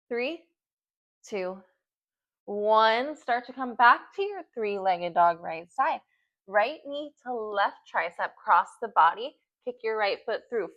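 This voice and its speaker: A woman's voice: mid-range voice, dull audio. A woman leading a yoga class at home, giving short breath-paced cues while doing the poses and getting out of breath. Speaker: yoga instructor.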